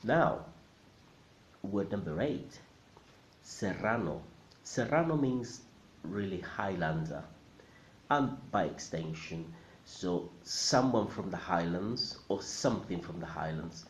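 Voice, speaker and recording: Deep-voiced man teaching pronunciation. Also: lively intonation. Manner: careful, repeats words slowly for learners. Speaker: Spanish teacher. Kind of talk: pronunciation lesson. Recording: roomy, slightly dull recording with faint hiss.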